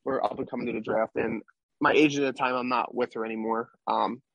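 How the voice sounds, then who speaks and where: Young male athlete guest, husky, casual rambling storyteller, dry close sound. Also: medium pitch, fairly even intonation, quick pace, a bit bright, no echo, dull audio. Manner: rambling, tag questions like "right?". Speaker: podcast guest, baseball player.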